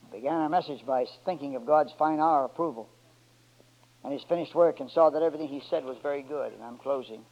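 High-voiced preacher swinging to shouts. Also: male voice. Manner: swings from low and quiet to loud shouted climaxes; drawn-out emphatic words in call and response. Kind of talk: sermon. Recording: dull lo-fi church recording.

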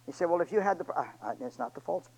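A man preaching a sermon and retelling a story, pleading with his church and swinging between loud and hushed delivery. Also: on the high side, expressive, rapid-fire, poor audio.

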